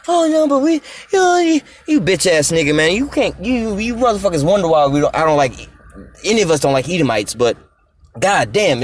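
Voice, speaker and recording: Fast, furious, profane ranting man. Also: on the high side. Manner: profane, heated, preachy, addresses the clip directly. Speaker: commentator reacting to a clip. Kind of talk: angry ranting commentary.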